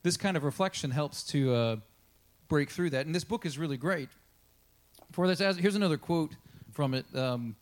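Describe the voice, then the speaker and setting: A man's voice: on the high side, moderate pace. A man preaching a sermon in a loose, conversational way, with frequent casual asides to the congregation. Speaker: pastor.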